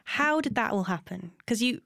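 A young woman co-hosting a casual chat, her voice fairly high and quick. She asks curious questions on a dry, close recording. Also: animated, creaky, a bit bright, dry recording. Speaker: co-host.

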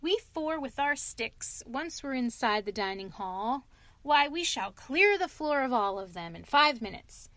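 A woman voicing a gruff, stubborn old male badger in a storybook reading, talking bluntly and emphatically. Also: high-pitched, expressive, measured pace, pushed and bright, no room sound, full character voice. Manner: blustering, emphatic.

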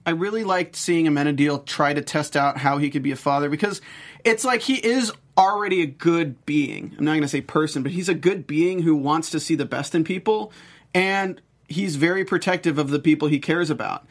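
A man's voice: a little high, a little fast. A man on a TV after-show panel, talking in an easygoing, casual way and reading out viewer comments. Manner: easygoing, reads chat comments aloud. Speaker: podcast panelist.

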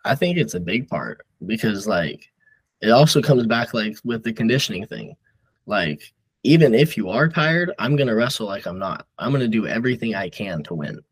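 A young man with a lowish voice talks casually as a podcast guest. He rambles through his stories, leaning on filler words and restarts. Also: expressive, moderate pace, slightly rough, low-quality recording. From Nebraska. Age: young adult. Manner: rambling, filler-heavy storytelling. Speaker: guest wrestler.

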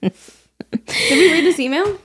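A woman's voice: very high-pitched, moderate pace, fairly bright tone. A woman co-hosting a podcast in casual chat, swearing freely and laughing often. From New York. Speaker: podcast co-host.

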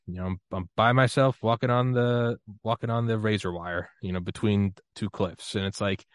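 A man's voice: fairly low pitch, fairly even intonation, normal speed, few pauses, no room sound. A man from the United States hosting a podcast, talking in a loose, rambling, self-deprecating way and laughing often. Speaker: podcast host. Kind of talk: casual conversational interview.

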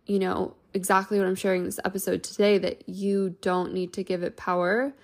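A young woman hosts a self-help podcast, speaking gently and reflectively in loose, flowing sentences. Her voice sits at an ordinary middle pitch with a noticeable gravelly fry running through it. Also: level tone, brisk. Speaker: podcast host.

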